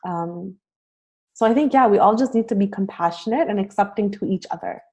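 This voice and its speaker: A woman's voice: mid-range voice, brisk, a little mellow, husky. Earnest, encouraging woman podcast guest. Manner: earnest, encouraging, many fillers. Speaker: podcast guest, life coach. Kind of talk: casual podcast conversation.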